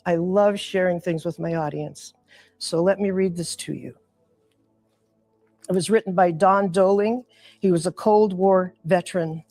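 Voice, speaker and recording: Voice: medium pitch, a little mellow. A guest speaker giving an earnest, emotional patriotic address and telling stories about family. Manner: earnest, emotional, personal storytelling.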